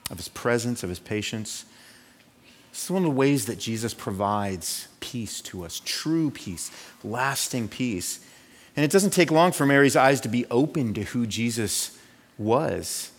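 A male pastor delivering a sermon in an easy, conversational style, often turning to the congregation with a quick "right?". His voice sits in a middle register. The sound carries a long reverb from a church hall. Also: medium pitch, animated.

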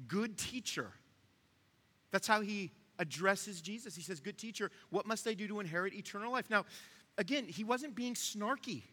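Bright-voiced man preaching in a reverberant hall. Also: high voice. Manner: conversational, asks the room to follow along. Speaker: pastor. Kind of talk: sermon.

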